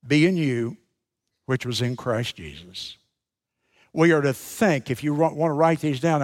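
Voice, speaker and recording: A male pastor preaching a sermon with emphatic, dramatic pauses, repeating key phrases for effect. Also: mid-range voice.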